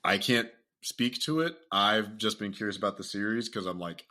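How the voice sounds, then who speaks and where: Bright-voiced, animated American man. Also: on the low side, moderate pace. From United States. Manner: animated, profane, laughs often, slips into mock accents. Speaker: podcast host. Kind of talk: casual podcast chat.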